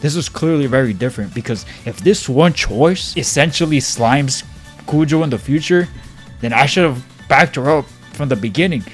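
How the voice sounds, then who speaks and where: A man reacting to a game he is playing, his voice swinging widely between muttered asides and shrill yells. He talks in an excitable, chatty way, with game music faint behind him. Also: normal speed. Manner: excitable, jumps from mumbling to yelling. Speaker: gaming channel host. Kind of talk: reacting to a visual novel playthrough.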